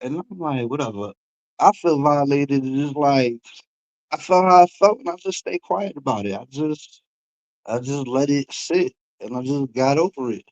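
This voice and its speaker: A young livestream host with a New York accent launches into a heated, blunt, profanity-laced rant about feeling disrespected. His mid-range, darkish voice comes at a moderate pace through lo-fi sound.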